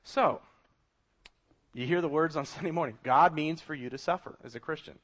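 A man's voice: a little high, normal speed, fairly bright tone. A middle-aged man preaching a sermon as a pastor, emphatic and full of rhetorical questions.

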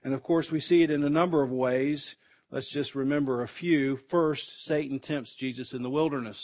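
A man's voice: medium pitch, fairly even intonation, moderate pace. A man preaching a sermon in an emphatic way, building to fervent peaks, heard on a dull, lo-fi recording.

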